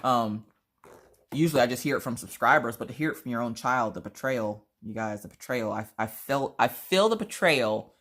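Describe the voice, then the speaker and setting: A woman vlogger telling animated, theatrical stories in casual chat while she crafts. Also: a bass voice, fairly quick.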